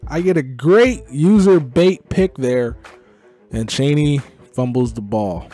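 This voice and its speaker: A young gaming YouTuber from Texas commentating his own football video game match, sliding between low muttering and frustrated outbursts. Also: slow pace, soft background music. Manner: swings from muttering to frustrated yelling. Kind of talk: live gameplay commentary.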